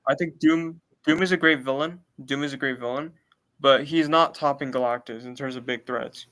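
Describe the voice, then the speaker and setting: A man on a casual live stream, talking excitedly and filling his speech with "bro" and "like". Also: medium pitch, moderate pace. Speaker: watch party co-host.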